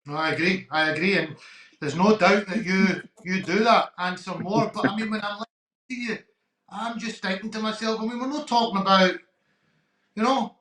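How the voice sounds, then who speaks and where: A Scottish man hosting a podcast interview, affirming his guest warmly with some hesitant fillers. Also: sits high, roomy sound, low-quality recording. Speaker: podcast host. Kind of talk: interview conversation.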